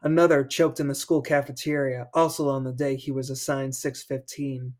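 Podcast guy reading a spooky kids book out loud, medium voice, cracks jokes n laughs. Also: medium pitch, little pitch movement, normal speed. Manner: playful, laughs between passages. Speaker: podcast host. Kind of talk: reading a horror book aloud with joking asides.

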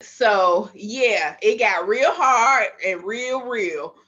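Talking extremely slowly in a medium-pitched, fairly bright voice with a breathy edge, a Miami-area midwife in her thirties appears as a podcast guest. She tells her story casually and reenacts her old thoughts and dialogues, on slightly dull lo-fi audio.

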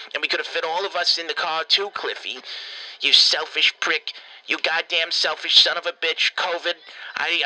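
A man's voice: sits high, bright, forceful tone, low-quality recording. A man doing a foul-mouthed old grandma. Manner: cursing, scolding rant.

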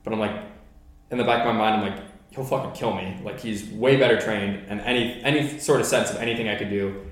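A man's voice: on the low side, fast talker. A young man and podcast host telling army stories in a casual, swearing way, full of "like" fillers. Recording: very echoey room.

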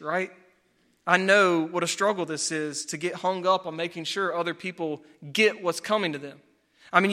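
A man preaching a sermon as pastor, telling a story with animated, exclaiming delivery. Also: high voice, long reverb tail.

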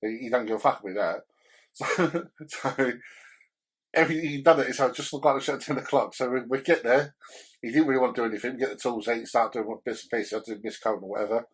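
A man's voice: medium pitch, fast, breathy edge, poor audio. A young man co-hosting a podcast, telling family stories in casual chat, swearing freely and laughing as he goes. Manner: profane, laughing storyteller. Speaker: podcast co-host.

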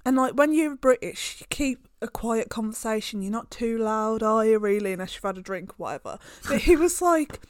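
Lively young British woman chatting. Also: on the high side, fairly quick, hardly any pauses, no room sound, studio quality. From United Kingdom. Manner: chatty, laughs often, animated storytelling. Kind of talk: casual chat.

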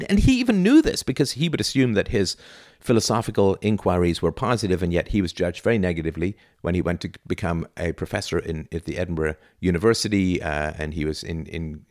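Low-voiced guy ranting through a philosophy lecture, blunt and opinionated, dry close sound. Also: a little mellow, no echo. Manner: opinionated and blunt, with emphatic pitch jumps. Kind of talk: unscripted spoken lecture.

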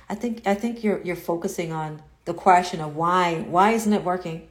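A woman spiritual coach in a casual live-stream talk, answering viewer comments in an earnest, repetitive way that turns animated when she acts out inner doubts. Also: on the low side, normal speed, hardly any pauses.

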